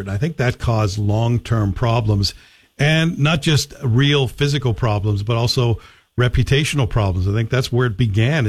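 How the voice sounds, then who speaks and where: A man's voice: mid-range voice, dry recording. Male talk radio host. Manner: conversational, reflective. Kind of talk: radio interview.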